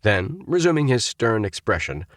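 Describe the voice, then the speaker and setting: A man narrating a children's space adventure audiobook with expressive storytelling. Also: lowish voice, normal speed, no room sound, studio quality. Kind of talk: scripted narration.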